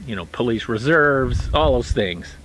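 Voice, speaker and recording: Blunt, halting middle-aged man. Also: medium pitch, expressive, fairly bright tone, slight background noise. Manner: plainspoken, blunt, halting with many fillers. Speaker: retired federal prison officer. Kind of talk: casual storytelling monologue.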